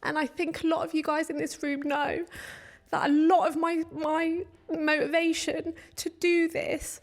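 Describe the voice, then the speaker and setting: A woman with a high, bright-pitched voice speaks through tears, crying as she answers. She talks in a heartfelt, open way, with sudden surges of feeling. It is a live question-and-answer session at a retreat. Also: flat delivery. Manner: heartfelt, open, quick bursts of emotion. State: tearful, crying while talking. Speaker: retreat co-host. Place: retreat room with an audience.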